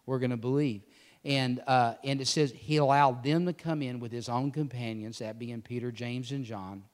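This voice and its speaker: A man preaching a sermon, swinging between loud emphatic declarations and hushed, intense passages. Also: mid-range voice, fairly even intonation, normal speed.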